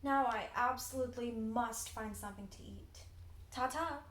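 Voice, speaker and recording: A woman's voice: a little high, normal speed, roomy sound, slight background noise, lightly acted. A girl doing a prim, posh lizard. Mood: fussy. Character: hungry, genteel male lizard.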